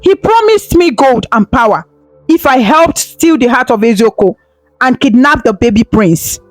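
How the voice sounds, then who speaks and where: A woman's voice: a little high, animated, normal speed, no echo, faint music behind, lightly acted. A woman storyteller voicing a desperate young woman who pleads through tears with a trembling voice. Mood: pleading.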